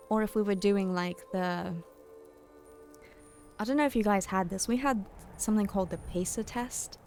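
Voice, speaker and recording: A young adult woman streaming a game, chatting casually and rambling to her viewers. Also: medium pitch. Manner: chatty, rambling, talks to chat. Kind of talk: casual gameplay chat.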